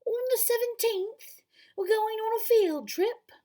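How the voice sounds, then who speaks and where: A woman voicing a prim schoolteacher with a British accent while reading a novel aloud, in a high, airy, breathy voice. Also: a little slow, warm tone. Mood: excited announcing.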